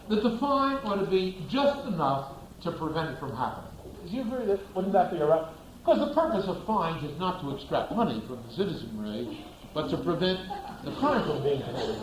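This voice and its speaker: A man's voice: sits high, big pitch swings, normal speed, echoey room, a little hiss or hum, poor audio. A man giving a classroom lecture, asking the class rhetorical questions and acting out little scenes.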